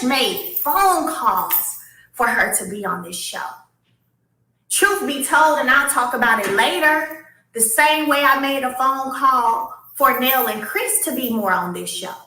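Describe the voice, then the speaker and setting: A woman's voice: sits high, sing-song, measured pace, bright, forceful tone, distant mic. A woman talking casually to her viewers, emphatic and repeating her points as she reads messages aloud. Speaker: vlogger responding to a castmate. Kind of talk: casual vlog commentary. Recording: echoey room, voice off-mic.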